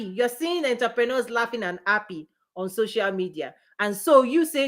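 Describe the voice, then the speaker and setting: A woman's voice: medium pitch, animated, moderate pace, hardly any pauses. A woman business coach giving a motivational live-stream talk. She speaks in an emphatic, repetitive preaching cadence and laughs between her points.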